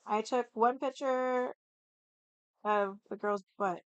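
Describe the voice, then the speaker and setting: Hoarse, rambling young woman streamer. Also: fairly high pitch, fairly even intonation, slow pace, no echo, dull audio. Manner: rambling, heavy use of "like". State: hoarse from yelling. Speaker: livestreamer. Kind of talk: casual chat.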